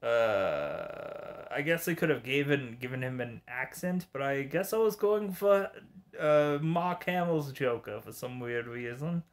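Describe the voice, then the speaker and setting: A man giving casual gameplay commentary, reading the game's dialogue aloud in a rambling, halting way. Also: mid-range voice, lively intonation. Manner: rambling, halting, with frequent fillers. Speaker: gamer.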